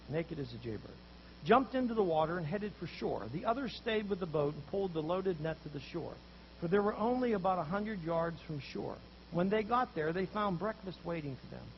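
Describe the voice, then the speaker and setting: Male pastor, high voice with gravel, animated storyteller, faint hiss on a muffled recording. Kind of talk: sermon.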